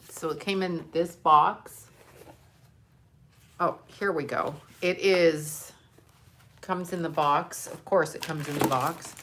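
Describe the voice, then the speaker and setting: A woman's voice: on the low side, slow, long pauses, fairly bright tone, a little hiss or hum. An older woman, a grandmother, chatting casually and emotionally on a livestream, rambling and swearing now and then. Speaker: livestream host.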